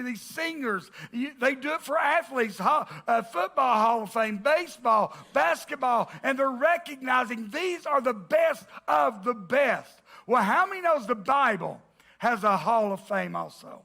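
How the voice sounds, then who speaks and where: A male pastor, preaching a sermon in a church, joking with the congregation and breaking into emphatic shouts. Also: very high voice, gravelly. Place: church sanctuary.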